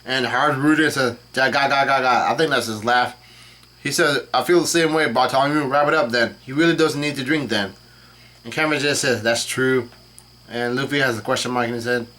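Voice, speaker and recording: A man casually reading a comic chapter aloud and commenting on it, with the dialogue in a flat voice and frequent fillers and self-corrections. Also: medium pitch, a little fast. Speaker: channel host reacting to a comic chapter.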